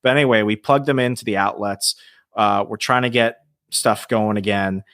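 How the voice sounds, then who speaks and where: A man telling a ghost story as a podcast guest, lively and swearing freely. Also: lowish voice, normal speed. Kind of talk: casual storytelling.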